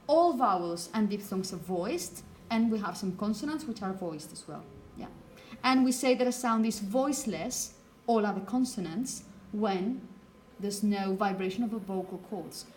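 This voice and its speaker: A woman's voice: medium pitch, animated, normal speed, few pauses, darkish tone. Woman, Spanish accent, native Spanish speaker, teacher, explanatory lecture, keeps asking "okay?", faint hiss. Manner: explanatory, frequent checking "okay?". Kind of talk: phonetics lecture.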